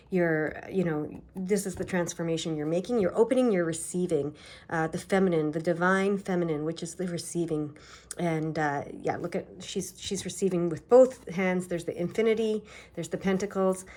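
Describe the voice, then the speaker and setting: A woman from Canada's East Coast giving a tarot reading, talking quickly and excitedly with many fillers. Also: lowish voice. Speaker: tarot reader. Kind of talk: tarot card reading to camera.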